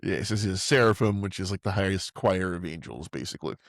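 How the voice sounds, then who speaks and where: A man co-hosting a casual movie podcast, chiming in with quick agreement and lively acted-out quotes. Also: low-pitched, vocal fry, no echo, clean studio sound. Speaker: podcast co-host. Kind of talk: casual movie recap chat.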